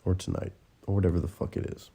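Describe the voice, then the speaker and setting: A man's voice: low voice, level tone, fast, creaky, dark tone, slightly rough. A man hosting a casual livestream, rambling and swearing freely and sometimes dropping to a whisper. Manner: rambling, profane, often drops to a whisper. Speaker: livestream host. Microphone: tablet or phone mic.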